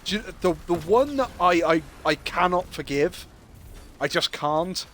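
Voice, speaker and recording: A man's voice: high voice, measured pace, a little hiss or hum. A man with an English accent, a streamer chatting casually and swearing as he talks. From England. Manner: animated, swearing, banter-heavy storytelling. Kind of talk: casual chat while gaming.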